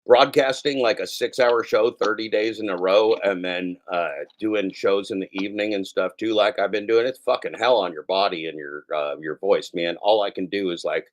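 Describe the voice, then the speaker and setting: Worn out middle-aged guy, scratchy throat, lowish voice, crude mocking podcast rant. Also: normal speed, few pauses. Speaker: podcast host. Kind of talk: profane comedic news riff.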